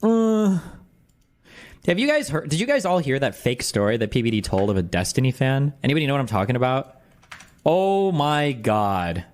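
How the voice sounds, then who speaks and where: A man streaming live, reacting to a video with quick, incredulous, sarcastic commentary. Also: mid-range voice, big pitch swings.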